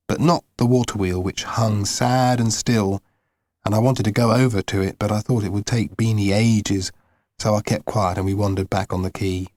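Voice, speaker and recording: A man narrating an audiobook in the first person, in a low, subdued storytelling manner. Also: a little mellow, dry recording.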